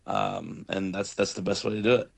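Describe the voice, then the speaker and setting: A young man from Toronto, a comedian guest, talking in a relaxed, rambling way on radio. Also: sits low, normal speed, gravelly. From Toronto, Canada. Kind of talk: casual radio interview.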